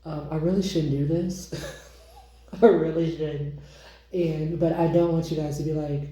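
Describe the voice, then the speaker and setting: A young woman chatting casually to viewers while cooking and tasting food in her home kitchen, excitable and informal. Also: low-pitched, measured pace, pauses often, roomy sound, poor audio.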